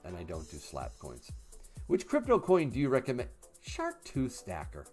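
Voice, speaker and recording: A man's voice: medium pitch, huge pitch swings, unhurried, long pauses, a little mellow, soft background music. A man in his fifties hosting a casual livestream, reading chat questions aloud and answering in a chatty way with fillers and laughs. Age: 50s. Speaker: livestream host.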